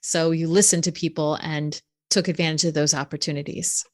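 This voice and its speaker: Woman podcast host, lower register, friendly conversational interviewer. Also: fairly even intonation, brisk.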